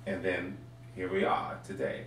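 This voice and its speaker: A man's voice: low-pitched, level tone, a little slow. A man who is a guest on a casual talk show, speaking earnestly and reflectively, turning playful when he teases the host. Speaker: guest, sweet potato pie baker. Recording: echoey room, distant mic, faint crowd and noise.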